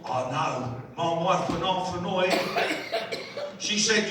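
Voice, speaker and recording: A man, doing a stand-up routine in a holiday village hall, chatting with the crowd and delivering punchlines deadpan. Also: sits high, takes it slowly, very noisy. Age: 60s. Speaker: stand-up comedian. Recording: echoey hall from far off.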